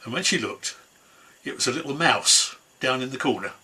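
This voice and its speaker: Brief: male storyteller, bright, husky, relaxed folk-tale telling. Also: medium pitch, normal speed. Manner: easygoing, conversational telling. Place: home, online concert.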